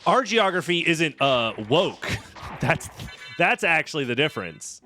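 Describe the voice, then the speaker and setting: Bright-voiced joking male streamer. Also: on the high side, very animated, a little slow, faint music behind. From United States. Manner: joking, sarcastic, chatty with viewers. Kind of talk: live-stream gameplay commentary.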